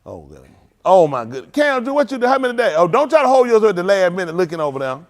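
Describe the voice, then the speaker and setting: A man's voice: high voice, big pitch swings, quick pace. A man leading a youth group at a congregation, bantering and teasing the young people before opening a Bible lesson. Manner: playful, teasing, banters with the audience.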